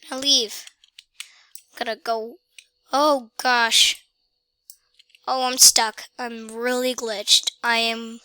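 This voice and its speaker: A woman's voice: on the high side, flat delivery, extremely slow, long pauses, pushed and bright, smooth, no room sound. A woman casually talking through a driving game, muttering, whispering and exclaiming to herself. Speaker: gamer playing a driving game. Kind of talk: casual gameplay commentary.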